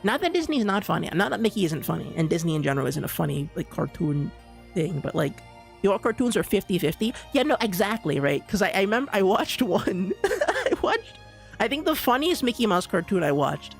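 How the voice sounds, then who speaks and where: A live streamer in casual chat, rambling and excitable, with lots of stammered restarts. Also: medium pitch, brisk, vocal fry, soft background music.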